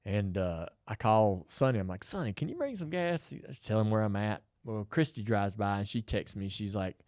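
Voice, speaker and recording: A man's voice: lowish voice, moderate pace, no echo, clean studio sound. A middle-aged man, co-hosting a podcast and telling a story in a casual chat, acting out quotes as he goes. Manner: animated storyteller, acts out quotes. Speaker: podcast co-host.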